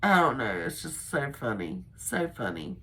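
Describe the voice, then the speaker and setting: A woman's voice: a bass voice, sing-song, normal speed, sharp tone. An older woman chatting casually to her camera, rambling in a chatty, homespun way. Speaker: vlogger. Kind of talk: casual personal chat to camera.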